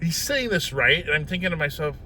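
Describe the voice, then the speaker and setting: A man's voice: fairly high pitch, animated, fairly quick, pushed and bright, slight background noise. A man vlogging in a casual, self-mocking storytelling way, often tagging his lines with "right?".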